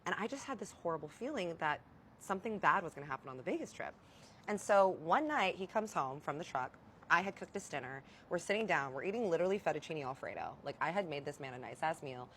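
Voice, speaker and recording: A woman's voice: low-pitched, animated, fast talker, a bit bright, a little hiss or hum. A young adult woman candidly telling a personal story to her viewers, confiding and blunt, with mild swearing. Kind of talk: storytime vlog.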